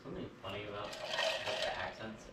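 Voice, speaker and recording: A man making quiet, offhand remarks in a casual chat. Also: lowish voice, flat delivery, brisk. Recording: distant, echoey and noisy.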